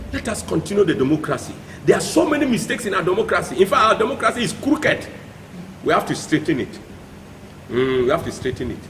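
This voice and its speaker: A Ghanaian man, a pastor, preaching with passion, swinging between hushed pleading and sudden shouts. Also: on the high side, echoey room, long reverb tail, noisy background. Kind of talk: preaching commentary.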